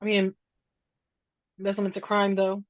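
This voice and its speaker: A woman's voice: mid-range voice, completely flat delivery, normal speed, no room sound, muffled recording. A woman playing a tabletop game, chatty and casual, with many filler words. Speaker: player.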